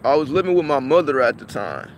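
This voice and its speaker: A man's voice: mid-range voice, lively intonation, fast talker, a little hiss or hum. A man vlogging to his viewers, chatting casually with lots of swearing and repeated restarts. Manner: profane, repetitive, restarts often.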